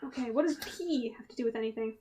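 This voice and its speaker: American woman streamer, high bright voice, animated, incredulous. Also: fast talker, a little hiss or hum. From United States. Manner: animated, incredulous, laughs a lot. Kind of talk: casual livestream chat.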